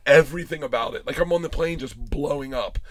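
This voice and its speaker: A man in his forties, a podcast guest, tells a wild story in casual chat, swearing freely and acting out the quotes as an animated storyteller. His voice is on the high side, and he talks fast.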